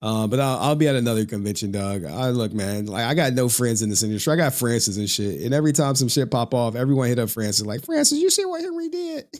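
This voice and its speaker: A man's voice: mid-range voice, quick pace, few pauses, a little mellow. A man on a livestream ranting in a slangy, profane, trash-talking style, laughing often. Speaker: streamer.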